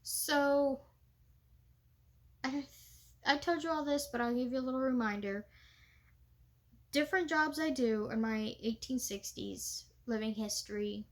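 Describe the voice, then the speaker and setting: Slow-talking chatty young woman. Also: high-pitched. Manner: chatty, laughs, many fillers. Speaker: living history reenactor. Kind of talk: casual vlog talk.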